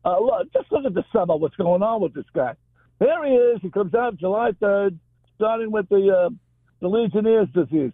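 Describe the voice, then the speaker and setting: A man calling in to a radio show over a tinny phone line, agitated and emphatic as he stumbles through fillers. His voice runs very high for a man, and the sound is dry and boxed-in. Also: animated, moderate pace, breathy edge, dry recording. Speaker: caller. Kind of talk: call-in radio talk.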